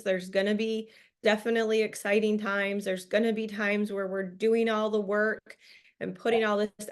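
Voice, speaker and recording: A woman leading a business training over a video call, giving a casual, upbeat motivational talk full of fillers and laughs. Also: mid-range voice. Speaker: team leader presenting a business training call.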